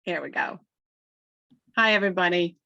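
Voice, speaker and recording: A woman chiropractor speaking on a video call in a friendly, measured, slightly hesitant way. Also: lowish voice, vocal fry, bright, forceful tone, no echo. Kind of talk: casual call sharing. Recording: dry dull-sounding call audio.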